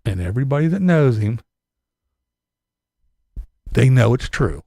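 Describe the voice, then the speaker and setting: A man's voice: medium pitch, big pitch swings, measured pace, vocal fry, mellow, dry recording. A man hosting a livestream, ranting in profane, mocking commentary and laughing often. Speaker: livestream host.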